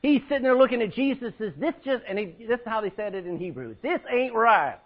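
A high-voiced man preaches with a husky edge, his pitch leaping and falling as he acts out scripture scenes. He breaks into laughs and drops low for emphasis. The recording sounds dull and lo-fi. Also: quick pace. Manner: animated, acts out Bible scenes with laughs and dramatic drops in volume. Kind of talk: sermon.

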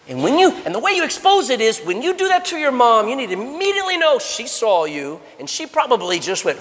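A middle-aged man delivers a sermon to young listeners in a big hall. His voice sits high and swoops constantly, shifting from quiet, close asides to forceful exhortation. A long reverb tail follows his words around the room. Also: fairly quick. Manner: animated, swings from low murmurs to loud exhortation. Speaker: preacher at a youth camp.

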